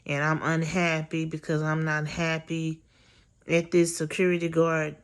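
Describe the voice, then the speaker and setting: A woman's voice: low voice, completely flat delivery, a little slow, clean tone. A woman quoting a brusque, dismissive young woman in a storytime vlog. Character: blunt young woman, brusque, sometimes cooing.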